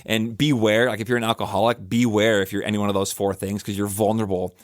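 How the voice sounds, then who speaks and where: 40s guy on a church podcast, low voice, rambly and chatty, dry close sound. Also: flat delivery, quick pace, no room sound. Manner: conversational and rambling, many fillers and restarts. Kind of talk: casual reflective talk.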